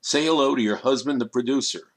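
A man's voice: medium pitch, a little fast, lightly acted. A man voicing a weak-willed male gang leader who talks in a hesitant, blustering way, in an audiobook. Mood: boastful.

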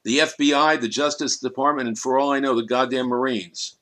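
A man doing a gruff, sneering mob boss. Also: medium pitch, fairly even intonation, fairly quick, fairly bright tone, natural voice. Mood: urgent. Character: gruff middle-aged male mob boss, blunt.

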